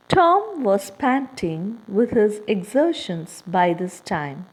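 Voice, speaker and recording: A woman reads a story aloud at a very slow, deliberate pace. Her pitch sits in the middle range, and she keeps a measured, careful delivery. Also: darkish tone, low-quality recording. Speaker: reader.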